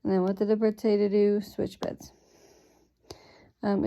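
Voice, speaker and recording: A tired woman reads a children's picture book and stops to explain how to prompt kids with it. Her voice is gravelly and very dark, and she stays relaxed and unhurried, with plenty of fillers. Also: mid-range voice. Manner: relaxed, thinks aloud with fillers. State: sleepy, yawning. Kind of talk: reading aloud and explaining teaching prompts.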